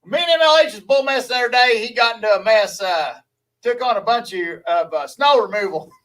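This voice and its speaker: Bright, high-voiced Southern man chatting. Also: animated, fairly quick, recorded from a distance, low-quality recording. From Louisiana. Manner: folksy, chatty, laughs easily. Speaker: logger streaming to viewers. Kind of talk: rambling live-stream chat.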